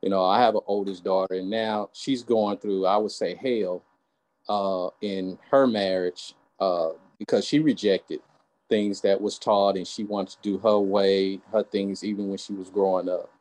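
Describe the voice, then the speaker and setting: A man with a Southern US accent on a group call, explaining step by step with halting restarts. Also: sits low, steady tone, a little mellow. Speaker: caller.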